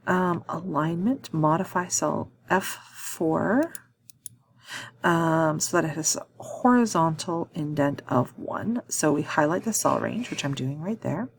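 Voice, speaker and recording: A woman instructor with a deep, creaky, animated voice works through a software task in a screen-recorded tutorial. She thinks aloud, with frequent ums and quick self-corrections.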